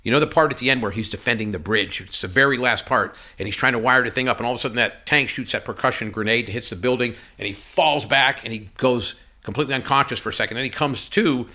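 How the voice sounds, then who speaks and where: Male podcast guest, fast and bright, animated raconteur who voices everyone in his stories. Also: medium pitch. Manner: animated storyteller who acts out dialogue. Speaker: podcast guest, company CEO. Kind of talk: conversational storytelling interview.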